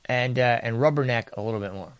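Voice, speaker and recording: Man, commentary host, sarcastic monologue, mocking mimicry, loud to hushed swings, dry close sound. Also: mid-range voice, fast talker, smooth, no echo. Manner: varies loudness a lot, sometimes dropping to whispers.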